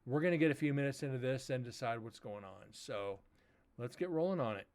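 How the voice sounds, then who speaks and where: A man hosting a paranormal livestream, chatting casually and rambling a little, with a loud voice that he says carries far. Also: mid-range voice, brisk, background noise. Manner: rambling, laid-back talk with fillers. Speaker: paranormal investigator host.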